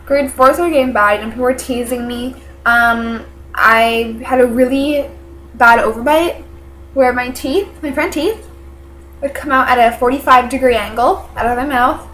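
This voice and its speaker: A woman's voice: a little high, fairly bright tone, slight background noise. Congested teen girl in an echoey room. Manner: halting, full of "like" fillers, earnest. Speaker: vlogger. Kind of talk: personal storytelling to camera.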